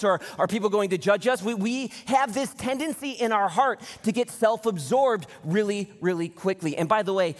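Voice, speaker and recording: A man in his thirties preaching a sermon, telling stories in an animated way and acting out the people he quotes. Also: high voice. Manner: animated storytelling, acts out quoted voices. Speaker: pastor. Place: large church hall. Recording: long hall reverb.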